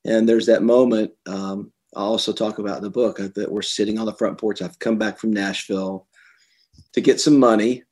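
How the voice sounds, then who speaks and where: A middle-aged man, an author being interviewed, telling personal stories earnestly and getting animated when he quotes others. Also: lowish voice, moderate pace, slightly rough. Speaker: author and guest. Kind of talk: conversational interview.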